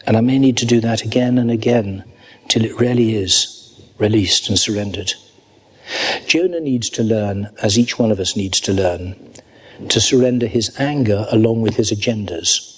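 A man preaching a sermon at a church service, earnest and reading scripture slowly and deliberately. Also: on the low side, breathy edge.

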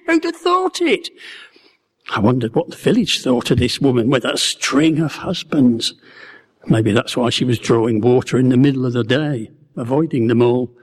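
A man's voice: mid-range voice, slightly rough. A man, a preacher telling a Bible story as a wry, musing first-person bystander. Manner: wry, musing storyteller who acts out his own wondering. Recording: long hall reverb.

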